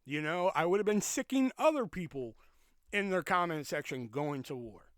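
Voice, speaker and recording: Animated, profane man ranting. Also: normal speed, dry recording, clean studio sound. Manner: animated, jumps high when quoting himself. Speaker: podcast host. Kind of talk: casual monologue.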